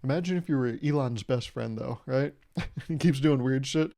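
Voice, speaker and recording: A man hosting a solo podcast gives a casual comedic monologue, playful and rambling, acting out imagined conversations. His gravelly, dark voice sits at a medium pitch and moderate pace.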